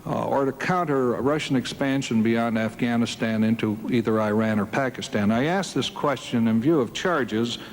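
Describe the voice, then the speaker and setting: A male panelist puts a detailed question to a debate candidate and leans on particular words for emphasis. His pitch is an ordinary middle for a man. The archival recording has a long hall reverb. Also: moderate pace, hardly any pauses, slight background noise. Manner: precise, emphatic about wording.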